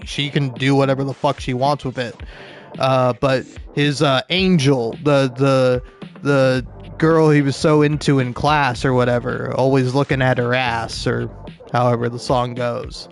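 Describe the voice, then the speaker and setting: A man giving profane, ranting gameplay commentary, often laughing at his own jokes. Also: mid-range voice. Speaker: gameplay streamer.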